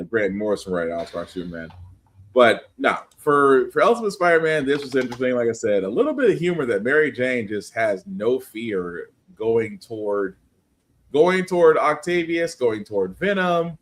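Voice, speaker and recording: A man co-hosting a podcast in relaxed chat. His pitch swings widely as he talks, and he laughs easily and often restarts his sentences while recapping comics. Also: moderate pace. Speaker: podcast co-host. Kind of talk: casual comic-book review chat.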